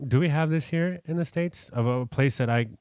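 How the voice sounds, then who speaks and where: A man's voice: fairly high pitch, moderate pace, a little mellow, clean tone, no room sound, studio quality. A man from New York co-hosting a podcast, talking through a Bible passage in an earnest, rambling way with many restarts. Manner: rambling, self-correcting, earnest. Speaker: podcast co-host. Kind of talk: casual Bible study chat.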